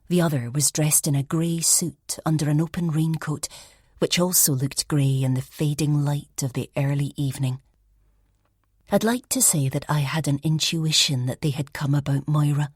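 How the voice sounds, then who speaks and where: A woman reads a first-person mystery audiobook in a low, husky voice. She narrates softly and reflectively, often sinking toward a whisper. The recording is dry and close to the mic. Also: no room sound.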